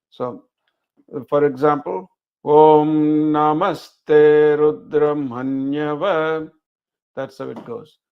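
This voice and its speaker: A man's voice: medium pitch, creaky. A man, teaching a recorded chanting lesson and explaining each step patiently. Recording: dull lo-fi recording.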